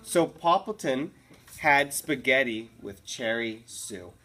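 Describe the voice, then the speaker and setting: A woman's voice: rumbling low, animated, slow pace, a bit bright. A woman teacher reading a picture book aloud to her class in a classroom, with chatty asides and easy laughs.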